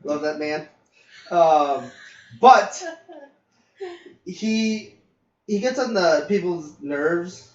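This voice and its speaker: A man's voice: fairly high pitch, animated, drawn-out words, long pauses. Rambling man telling a story in a roomy lo-fi recording. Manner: rambling anecdotes with fillers and swearing. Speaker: podcast co-host. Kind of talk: casual storytelling. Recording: roomy, distant, dull lo-fi mic.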